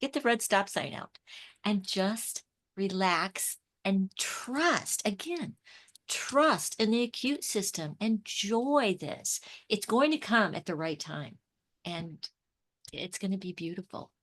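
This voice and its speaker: Taking it slowly, the middle-aged woman speaks in an animated, fairly bright mid-range voice. As an author and intuition coach in a casual spiritual interview, she tells stories with enthusiasm, acting out quoted exchanges and repeating and restarting words.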